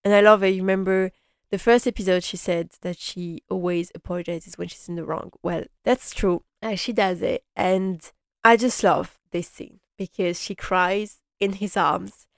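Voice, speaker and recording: A young woman hosts a casual recap chat, rambling and animated, with lots of fillers as she gushes about the episode. Her voice sits fairly low. The recording is dry and close, with no room echo. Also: moderate pace. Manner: chatty and rambling, many "like" and "you know" fillers; gushing and animated. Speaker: host recapping a TV drama.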